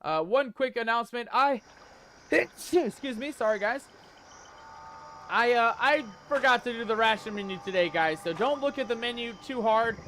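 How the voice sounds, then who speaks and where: A man's voice: extremely high pitch, animated, normal speed, sharp tone, a little hiss or hum. A man streaming a cozy game, talking to his chat in a playful pirate-themed showman manner. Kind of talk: hyped live game stream commentary.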